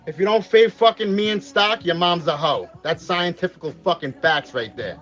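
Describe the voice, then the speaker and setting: A man's voice: moderate pace, fairly bright tone, lo-fi sound, soft background music. A man streaming a game role-play, hyped and profane, calling out to his chat. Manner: profane, hyped, swings up and down in pitch. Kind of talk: live game stream chatter.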